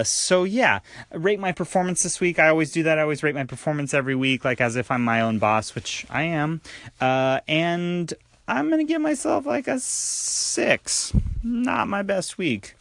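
A man's voice: on the high side, a bit bright, no echo. Tired man hosting a solo podcast. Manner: candid, rambling with restarts and fillers. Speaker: podcast host.

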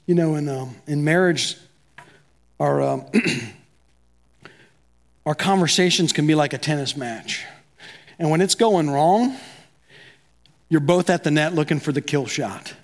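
A man's voice: on the high side, expressive, slow, long pauses. A man preaching a sermon as pastor, talking conversationally and acting out both sides of quoted dialogue.

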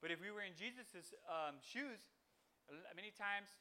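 Man, devotional podcast host, high bright voice, loose rambling delivery with restarts. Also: moderate pace. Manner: animated, rambling with restarts, acts out quotes. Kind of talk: informal devotional teaching.

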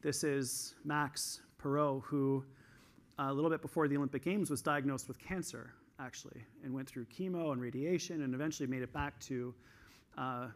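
A Canadian man giving an energetic conference talk on stage, telling coaching stories in an animated way. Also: moderate pace. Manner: highly energized, animated storytelling.

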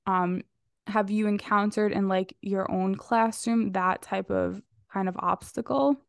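A woman's voice: medium pitch, steady tone, unhurried, vocal fry, clear, resonant tone, no echo. A woman dietitian hosting a podcast, asking questions in a supportive, casual way with many fillers. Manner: supportive, lots of um and like. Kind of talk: casual interview conversation.

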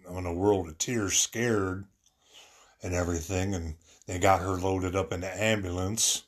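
A man's voice: deep voice, fairly even intonation, moderate pace. A man telling a personal story about his family in a rambling, earnest way, full of fillers and restarts.

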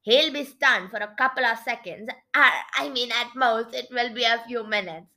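A woman reading aloud and voicing a gleeful, eccentric old inventor grandfather mouse who declares things loudly. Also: on the high side, normal speed. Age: older.

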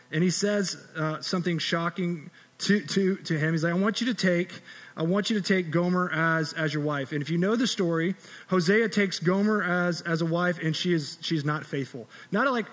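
A man preaching a sermon as pastor, earnest and conversational, often restarting phrases, ending in a quiet prayer. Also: fairly high pitch, long reverb tail. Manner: drops to a soft, quiet tone in closing prayer.

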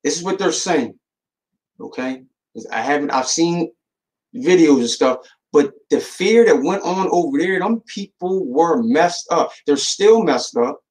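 Guy ranting on his podcast, kinda high voice, slangy, keeps restarting and repeating words. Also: measured pace, poor audio. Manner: animated, repeats words, many fillers and restarts; colloquial street slang. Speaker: podcast host. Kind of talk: casual monologue.

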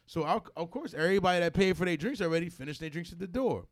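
A man's voice: high-pitched, expressive, fast. A man hosting a podcast who tells a story in a blunt, profane way and acts out the other people's lines. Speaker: podcast host. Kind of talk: casual chat, storytelling.

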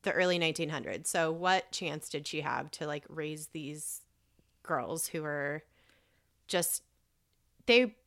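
A woman co-hosts a podcast in loose, frank chat, giggling easily and swearing now and then. Her voice sits on the low side but sounds bright. It comes across smooth and crisp. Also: slow, long pauses. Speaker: podcast co-host. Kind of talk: casual chat.

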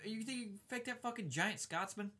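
A young man in casual, profane podcast chat, animated and quick to laugh. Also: high voice.

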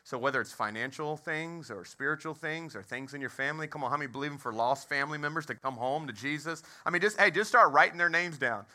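A man's voice: fairly high pitch, quick pace, few pauses, sharp tone. A man in his thirties, a pastor, preaching and telling a funny story, asking the crowd questions. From Texas. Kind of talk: sermon with humorous story. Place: movie theater used as a church.

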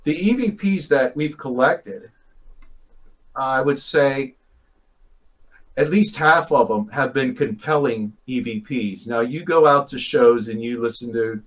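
A man's voice: mid-range voice, a little slow, low-quality recording. A man on a talk show as a guest, telling a story in a rambling way with many fillers and restarts and blunt swearing. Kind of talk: casual storytelling on a call-in show.

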